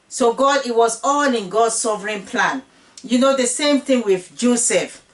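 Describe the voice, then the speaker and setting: A woman's voice: mid-range voice, fairly bright tone, distant mic. A woman hosting her own channel, teaching a Bible story in an earnest, personal way and often repeating her phrases. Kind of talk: casual Bible teaching monologue.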